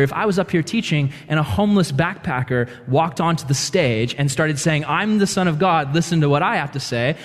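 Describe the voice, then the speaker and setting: A man preaching a sermon as a pastor on a church stage, telling scripture stories with lively acted-out quotes. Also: high-pitched, in a large hall. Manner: animated storytelling with acted-out quotes.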